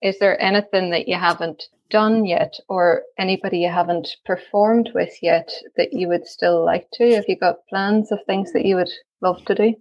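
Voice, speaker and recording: A woman's voice: lowish voice, fairly even intonation, normal speed, few pauses, lo-fi sound. Woman interviewer asking questions.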